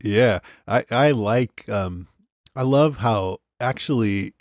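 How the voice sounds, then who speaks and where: A man's voice: on the low side, slow, no echo, clean studio sound. A man co-hosting a podcast in a casual, laid-back way, laughing easily. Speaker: podcast co-host.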